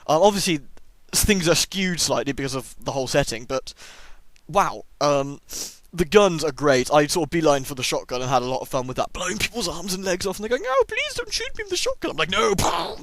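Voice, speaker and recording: A man's voice: on the high side, expressive, brisk, a bit bright, no room sound. A man who has a cold, chatting enthusiastically through a casual first-impressions game review with plenty of ums. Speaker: gaming YouTuber.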